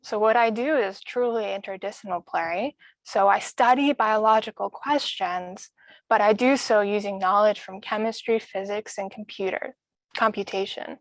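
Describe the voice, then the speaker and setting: A woman's voice: medium pitch, normal speed, dry recording. Young woman from the netherlands explaining her research, dry close sound, says um a lot. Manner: friendly, explanatory, frequent um. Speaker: graduate student lecturer. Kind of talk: science lecture.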